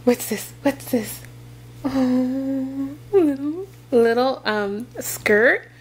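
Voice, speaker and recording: A young woman with a high voice, unboxing gifts for her daughter in a home vlog. She gushes and gasps, and she keeps exclaiming over each item. She talks slowly and lingers on every word. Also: a little hiss or hum. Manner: gushing, gasping, repeats "oh my gosh".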